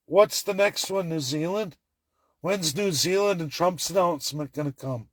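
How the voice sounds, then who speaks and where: A man's voice: a little high, normal speed, fairly bright tone, dry recording. A man from Alberta, ranting sarcastically and angrily in a political commentary video. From Alberta, Canada. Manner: sarcastic, angry, mocking.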